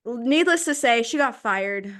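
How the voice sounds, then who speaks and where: A young woman hosting a podcast, telling a personal story in an animated, dramatic way. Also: on the high side, a little slow. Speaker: podcast host. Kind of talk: casual storytelling chat.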